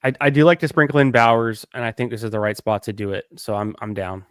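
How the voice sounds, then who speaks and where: Measured man from Texas, dry sound. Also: medium pitch, fairly even intonation, clean tone, dry recording. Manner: measured, analytical talker. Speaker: fantasy football drafter. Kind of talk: casual chat on a live stream.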